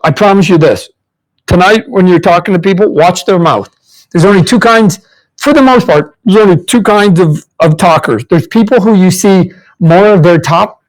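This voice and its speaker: A man's voice: sits high, low-quality recording. Man giving a rambling drawing lesson. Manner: rambling, repeats words, talks while drawing; demonstrates mouth sounds and faces. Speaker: comic book artist teaching drawing. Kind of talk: casual live drawing demonstration.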